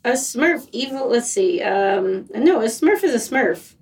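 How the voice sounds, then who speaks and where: A woman's voice: on the high side, animated, a little slow, distant mic. A woman in a casual chat, curious and full of questions. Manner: curious, asks lots of questions.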